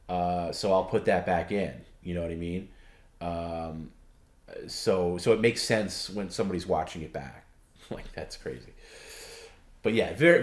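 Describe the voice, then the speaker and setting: A man with a dry throat, rambling and hesitant as he answers viewer questions as a stream co-host. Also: fairly low pitch. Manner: rambling, hesitant, self-correcting. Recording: roomy echo.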